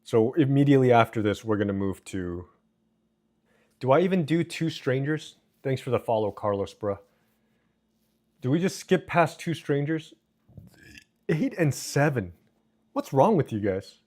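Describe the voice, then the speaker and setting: Man, livestream host, joking banter with chat, mid-pitched voice. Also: animated, unhurried, long pauses, darkish tone. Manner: joking, reads chat aloud and banters with viewers.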